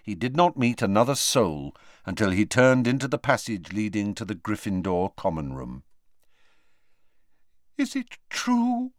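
A man narrating a novel in a measured, expressive storytelling manner. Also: lowish voice, dry recording, clean studio sound. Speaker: audiobook narrator.

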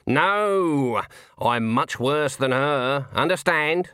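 A man's voice: on the high side, expressive, extremely slow, pushed and bright, clear, resonant tone, no room sound, clean studio sound, full character voice. A man reading aloud voices an old female witch who talks in a stern, clipped, commanding way. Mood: sharp.

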